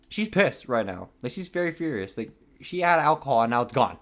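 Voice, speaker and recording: A man's voice: mid-range voice, animated, quick pace, few pauses, fairly bright tone. A young man hosting a casual solo podcast, rambling through a story, swearing freely and laughing at himself. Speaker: podcast host. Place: home room by a window.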